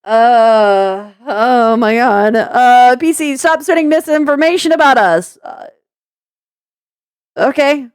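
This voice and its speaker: A sarcastic woman vents to camera in a high, pointed voice, breaking into laughter as she reacts. The sound is close and dry, with no room around her. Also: slow pace, clean tone, no room sound. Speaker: vlogger. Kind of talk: venting commentary.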